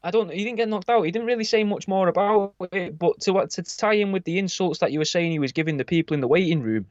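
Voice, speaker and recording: A man's voice: sits high, fast, a little mellow, no room sound. A man co-hosting a podcast, retelling a story with amused chuckles. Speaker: podcast co-host. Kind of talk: casual storytelling chat. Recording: slightly dull lo-fi sound.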